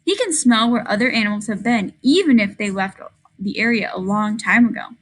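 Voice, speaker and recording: A woman reading as a calm, explaining dad. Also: mid-range voice, brisk, lightly acted. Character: a calm, knowledgeable dad on a hike.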